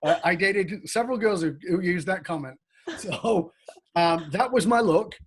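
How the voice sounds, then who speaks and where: A man in his fifties, an interview guest, telling a story with lively laughter. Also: high-pitched, moderate pace, slightly rough.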